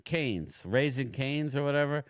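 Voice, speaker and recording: A man's voice: medium pitch, animated, a little slow, crowd noise. A man hosting a casual livestream chat, rambling and laid-back as he tells stories. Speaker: livestream host.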